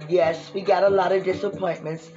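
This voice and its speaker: A woman's voice: fairly low pitch, normal speed, muffled recording, faint music behind. A woman hosting a casual chat show, telling stories with a laugh and talking straight to her listeners. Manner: lively storyteller, laughing, addresses listeners as y'all. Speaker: host.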